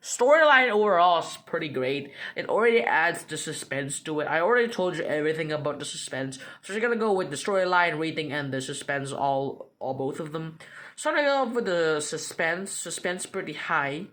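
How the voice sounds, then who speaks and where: A man's voice: a little high, expressive, normal speed, sharp tone. A young man casually recapping a comic book, rambling with lots of fillers, restarts and slang.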